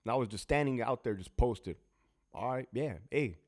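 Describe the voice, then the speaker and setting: A man's voice: medium pitch, normal speed, a little mellow. A man with a Californian accent, a former prison officer, tells profane stories in a blunt monologue and mimics other people's voices.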